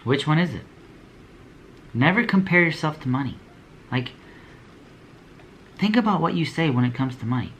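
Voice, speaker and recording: A man's voice: on the high side, animated, moderate pace, long pauses, fairly bright tone, a little hiss or hum. A young man giving a motivational talk to small business owners, with a preachy, blunt delivery, slang, and slogans he repeats over and over. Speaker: motivational speaker.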